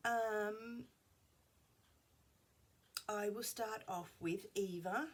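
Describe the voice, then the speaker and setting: A middle-aged woman chatting casually at her craft table at home, rambling and drifting into soft asides, a little unwell. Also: medium pitch, slightly rough. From Australia. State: slightly unwell. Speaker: craft vlogger. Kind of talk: casual show-and-tell chat.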